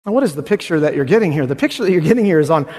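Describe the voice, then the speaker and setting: Animated male preacher in a reverberant hall. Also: a little high, rapid-fire. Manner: animated, swings from hushed to exclamatory. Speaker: pastor. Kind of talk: expository sermon.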